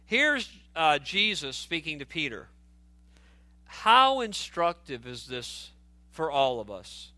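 A man's voice: on the high side, sharp tone, no room sound. A man preaching a sermon, earnest and emphatic, often restarting phrases and adding asides to his listeners.

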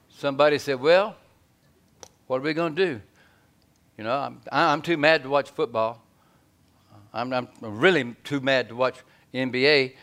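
A man preaching a sermon in a folksy, animated way, swinging from loud to hushed. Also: mid-range voice, normal speed, long pauses.

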